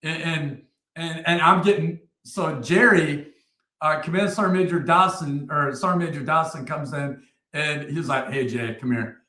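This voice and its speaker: A middle-aged man with a fairly high voice tells his army stories as an interview guest. He talks bluntly and swears freely, circling back with fillers and restarts. His voice bounces around an echoey room. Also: unhurried, sharp tone. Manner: blunt and profane, rambling with many fillers and restarts. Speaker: guest, retired army first sergeant. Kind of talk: casual interview storytelling.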